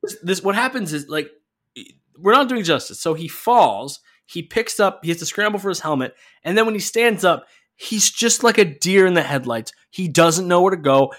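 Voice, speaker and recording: A man hosting a podcast, telling a story in an animated, profane, casual way. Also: fairly high pitch. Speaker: podcast host. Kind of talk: casual chat.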